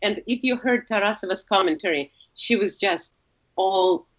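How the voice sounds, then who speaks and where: A woman's voice: mid-range voice, normal speed, muffled recording. A woman with a Russian accent and Russian as her first language, talking as a guest in a casual conversation. She explains at length, with frequent fillers and self-corrections. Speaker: guest, opera singer.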